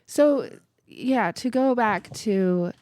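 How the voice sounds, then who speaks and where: A woman's voice: fairly high pitch, lively intonation, very slow, darkish tone, dry recording, clean studio sound. A woman co-hosting a radio talk show, explaining earnestly in a casual discussion with frequent restarts.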